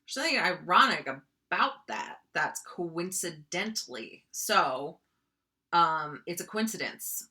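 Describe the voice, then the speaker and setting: Casting: young woman writing teacher, lowish pitch, bright forceful tone, chatty with lots of fillers. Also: expressive, a little slow. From North Dakota. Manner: chatty, frequent ums and likes, mock voices for examples. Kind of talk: casual classroom lecture.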